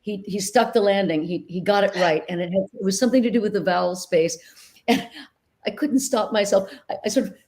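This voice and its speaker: A woman dialect coach talking in a casual interview, earnest and animated as she tells stories, over a video call mic. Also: medium pitch, brisk. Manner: animated, earnest storyteller with sudden bursts of laughter. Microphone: video call microphone.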